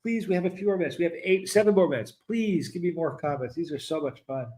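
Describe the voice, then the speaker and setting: Giggly high-voiced man reading chat. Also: animated, fast, a little mellow. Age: 50s. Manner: laughing often, delighted, reading comments aloud. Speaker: streamer reading chat comments. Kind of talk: casual live-stream chat.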